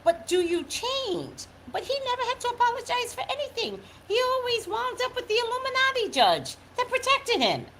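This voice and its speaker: A woman psychic chatting on a live stream, greeting viewers by name and giving her blunt, animated opinions. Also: very high-pitched, moderate pace, hardly any pauses, a little hiss or hum, poor audio.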